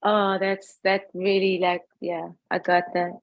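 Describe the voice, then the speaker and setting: A woman in a casual group chat who speaks in a slow, searching way and readily agrees with others. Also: fairly low pitch, little pitch movement, dull audio.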